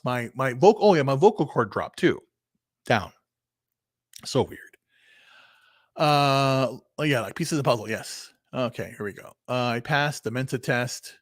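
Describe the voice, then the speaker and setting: A man's voice: medium pitch, no room sound. 50-something guy rambling on his stream, keeps restarting, swears a bit, dry close sound. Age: 50s. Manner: meandering, halting, many restarts and repeated words; blunt, swears casually. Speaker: vlogger. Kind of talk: rambling solo livestream talk.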